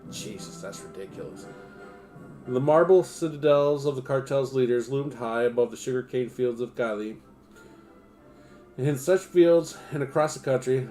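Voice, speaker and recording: On a home streaming setup, a man with a warm, medium-pitched voice reads nonfiction aloud. He keeps breaking off into profane asides that poke fun at himself.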